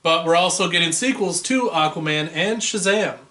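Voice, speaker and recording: A man's voice: high voice, moderate pace, pushed and bright. A man co-hosting a casual movie podcast, rambling and laid-back, a bit tipsy. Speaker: podcast co-host.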